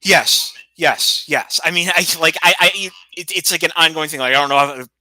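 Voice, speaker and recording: This fairly high-pitched American man speaks at normal speed with a sharp tone, agitated and rambling through a livestream monologue and phone call. He keeps repeating himself, occasionally falls nearly to a whisper, and the rough recording has no echo.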